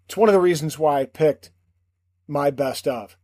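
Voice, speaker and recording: Earnest podcast host, dry close sound. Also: male voice, a little high, normal speed, darkish tone, no room sound. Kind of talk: reflective scripted monologue.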